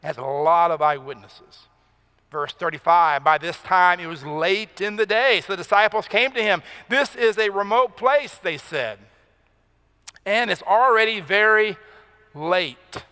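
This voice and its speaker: Male pastor, high and bright voice, chatty sermon, rings in a church hall. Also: clean tone. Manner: conversational, asks the crowd "right?" often. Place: church sanctuary.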